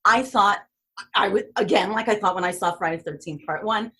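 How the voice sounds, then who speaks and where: This middle-aged actress with a New York accent tells set stories as an interview guest, animatedly acting out voices and even screaming. Her mid-range voice is fairly quick and slightly rough.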